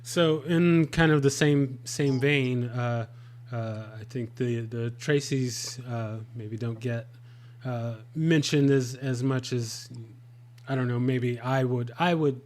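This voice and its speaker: A man hosting a casual interview, asking questions haltingly with many fillers. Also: medium pitch, fairly even intonation, a little mellow. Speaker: podcast host.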